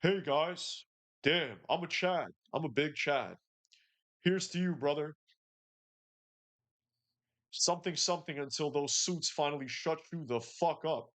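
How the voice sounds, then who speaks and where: A man's voice: fairly high pitch, unhurried, pauses often, a bit bright. A man doing a bragging fake-tough macho guy. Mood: swaggering. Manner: bragging, exaggerated swagger.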